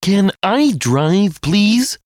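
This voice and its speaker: A woman voicing a boastful runaway male toad in a storybook reading, with a lowered, rough voice. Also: very animated, very slow, darkish tone, no room sound, clean studio sound.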